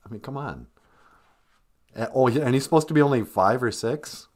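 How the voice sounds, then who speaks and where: A man's voice: medium pitch, brisk, darkish tone. A man in his fifties hosting a comedy podcast, mocking a video clip in a sarcastic way. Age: 50s. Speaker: podcast host.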